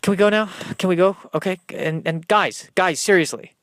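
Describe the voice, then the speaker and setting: A man's voice: high-pitched, moderate pace, fairly bright tone, dry recording, clean studio sound. A man playing a flustered, fretful starship captain in a comedy audio sketch, stammering and apologizing as he dithers. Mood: sheepish.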